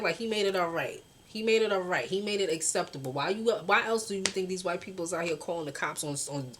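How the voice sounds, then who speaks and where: A woman's voice: lowish voice, pushed and bright. A young woman, venting bluntly and passionately in a casual vlog, swearing often and talking straight to her viewers. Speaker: vlogger.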